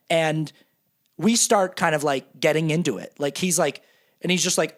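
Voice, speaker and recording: A man with a fairly high voice tells a personal story in a loose, casual monologue. He is self-deprecating and animated, and he acts out both sides of a quarrel as he goes. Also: moderate pace. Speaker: podcast host.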